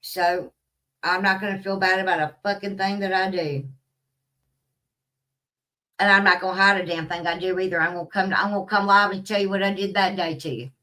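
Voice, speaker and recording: Lady cussing thru a rambling vlog rant, bright high-ish voice, bit far from the mic. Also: fairly even intonation, brisk, long pauses. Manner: blunt, profane, laughs at her own stories. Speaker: vlogger. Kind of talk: casual ranting monologue.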